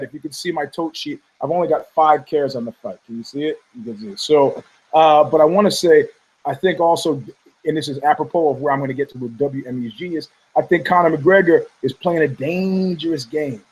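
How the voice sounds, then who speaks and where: A podcast host with a slightly high, darkish, breathy voice rants casually and profanely about fight news, rambling as he goes. He laughs a lot and mocks people using put-on voices, and the recording is rough.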